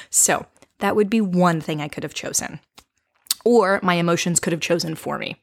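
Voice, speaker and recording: A woman hosting a show, telling a personal story as a lesson in a playful, animated way, often checking in with "right?" and laughing. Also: fairly low pitch, moderate pace, creaky. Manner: animated, with frequent tag questions. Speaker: podcast host.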